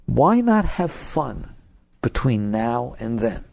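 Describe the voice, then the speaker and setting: An older man giving a spiritual talk to an audience, animated and often laughing, his voice jumping high for emphasis. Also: slow pace, gravelly. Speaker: spiritual teacher.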